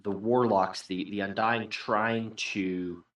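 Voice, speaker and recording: A man's voice: fairly low pitch, fairly even intonation, slow, fairly bright tone, no echo. A man co-hosting a podcast, talking through ideas in a reflective, comparing way. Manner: reflective, builds long comparisons. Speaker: podcast co-host. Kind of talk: casual discussion.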